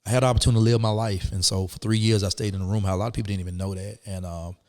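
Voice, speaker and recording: A man's voice: fairly low pitch, racing, in a large hall. A man, telling his story as a guest in a casual interview and acting out the people in it. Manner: animated, acts out quoted people.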